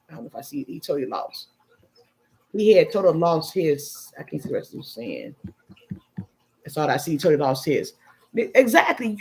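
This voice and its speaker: A woman's voice: on the high side, vocal fry. A middle-aged woman with a Chicago-area accent hosts a casual livestream, reading viewer comments and speaking candidly and emphatically. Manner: candid, emphatic, sipping wine. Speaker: livestream host.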